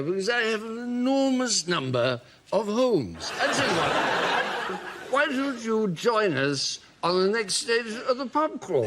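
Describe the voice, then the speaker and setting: A man putting on a plummy, fussy royal heir who hesitates and rambles. His pitch leaps around lively, and heavy background noise sits under him. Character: fussy middle-aged male British royal heir. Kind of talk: improvised comedy sketch.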